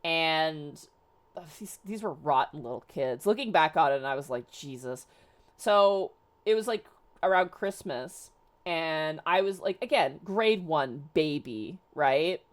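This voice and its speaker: A woman's voice: low voice, expressive, a little slow. A young woman host telling a personal story in casual chat, rambling with many fillers and restarts. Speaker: streamer host.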